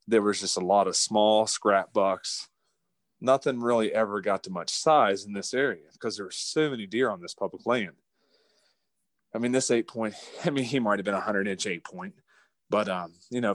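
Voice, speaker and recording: Man, low voice, animated folksy storyteller, dry recording. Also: no room sound. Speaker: guest. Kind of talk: casual storytelling.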